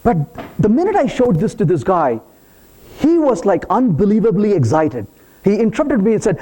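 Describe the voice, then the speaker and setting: Lively, animated man giving a tech talk. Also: high-pitched, normal speed. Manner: animated, playful, teasing the audience. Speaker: conference speaker. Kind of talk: live technical talk to an audience. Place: conference hall.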